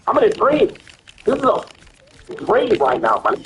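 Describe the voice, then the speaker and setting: A young man telling a wild personal story in casual chat, excitable, swearing and stammering through repeated words. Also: very high-pitched, normal speed, a little hiss or hum, rough recording.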